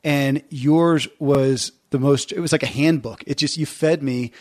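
A man's voice: mid-range voice, steady tone, unhurried. A man hosting an interview podcast, speaking in a reflective, encouraging way. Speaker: podcast host. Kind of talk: interview conversation.

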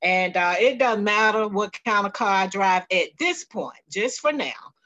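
A woman's voice: medium pitch, expressive, measured pace, bright, forceful tone, dull audio. A woman on a group video call telling how her attitude has changed, chatty and playful. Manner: chatty, playful, laughing asides. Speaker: call participant. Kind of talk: casual testimony on a video call.

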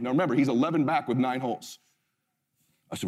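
A man's voice: medium pitch, fast talker, long pauses, a little mellow, big-room sound. A middle-aged man giving a motivational talk. He tells the story intensely and emphatically, and he swears freely. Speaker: motivational speaker.

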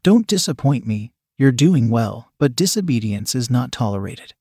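Man voicing a dominant woman, calm hushed commands, dry close sound, mid-pitched voice. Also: moderate pace, husky, no echo. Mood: commanding. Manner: calm, hushed, controlled orders.

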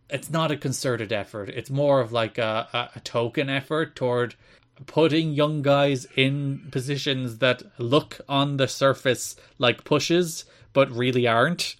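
A man co-hosting a podcast, recapping old wrestling shows in casual chat with dry asides. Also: medium pitch. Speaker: podcast co-host.

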